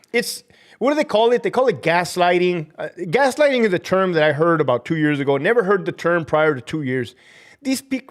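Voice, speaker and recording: Fiery, profane man with a raised voice. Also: a little high. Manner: profane, heated, ranting; drops Spanish slang into English. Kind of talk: livestream rant reading viewer comments.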